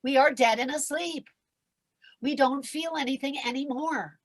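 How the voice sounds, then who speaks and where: An older woman and veteran performer giving an animated motivational talk on a video call, swinging from loud calls to hushed asides. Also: high voice, measured pace, no echo. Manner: theatrical, acts out quoted voices, swings from loud to hushed. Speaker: guest performer and coach.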